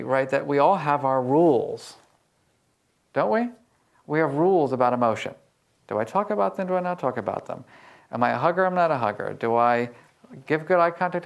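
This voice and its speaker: A man speaks to a live audience in a storytelling style, his pitch sitting in an ordinary middle range. He talks with lively energy and slips into voices when he quotes other people. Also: creaky. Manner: lively, acts out quoted dialogue. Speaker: emotional intelligence researcher and speaker. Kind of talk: storytelling public talk.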